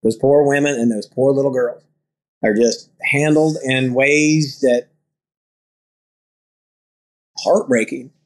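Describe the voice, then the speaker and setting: A ranch owner in an interview, talking earnestly and rambling through stories with quoted dialogue. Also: male voice, mid-range voice, steady tone, measured pace. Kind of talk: conversational interview storytelling.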